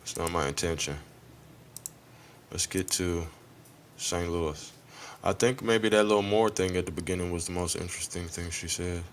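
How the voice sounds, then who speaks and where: A man's voice: low-pitched, moderate pace, long pauses, a little hiss or hum. A man hosting an online history lesson, commenting casually over a video in a blunt, profane, slangy way and talking straight to his viewers.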